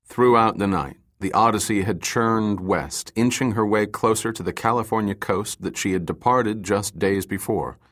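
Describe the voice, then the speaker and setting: A man narrating a thriller with a low-pitched voice. He reads evenly and steadily, keeping the action clear. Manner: even, measured reading. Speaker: audiobook narrator. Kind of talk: scripted narration.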